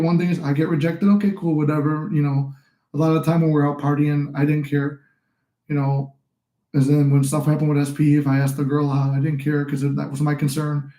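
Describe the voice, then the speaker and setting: Young male host, slightly high, mellow voice, rambling, encouraging livestream talk, echoey room. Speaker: livestream host and manifesting coach. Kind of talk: casual live-stream advice talk.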